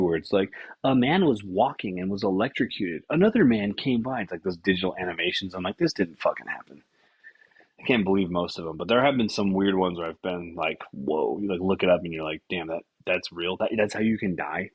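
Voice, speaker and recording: A man's voice: low-pitched, fairly quick, husky, dry recording, muffled recording. A young man hosting a podcast, telling rambling, profane stories full of fillers in a casual way. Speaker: podcast host. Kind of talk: casual storytelling.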